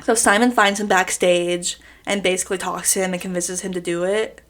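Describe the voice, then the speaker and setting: A woman's voice: fairly low pitch, brisk. A woman co-hosting a podcast, recapping a show in casual chat and breaking into giggles as she goes. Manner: giggly, animated storyteller. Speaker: podcast co-host.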